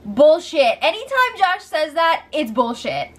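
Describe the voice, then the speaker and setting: A woman with a somewhat high voice gives an animated, gossipy recap of a reality show. She speaks casually and swears freely as she tells it. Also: a little slow.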